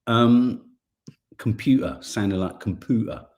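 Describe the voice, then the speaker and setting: Man, Mancunian accent, host, casual chat, lowish pitch, lively intonation, hesitant. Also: normal speed. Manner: hesitant, many fillers and restarts. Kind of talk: casual chat reading viewer comments.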